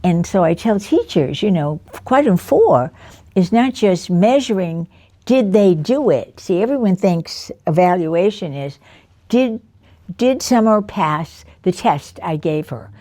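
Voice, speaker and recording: A woman in her nineties telling the story of her life in an interview, lively and anecdotal, often chuckling as she recalls people. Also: lowish voice, a little slow. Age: 90s. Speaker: interviewee, veteran educator.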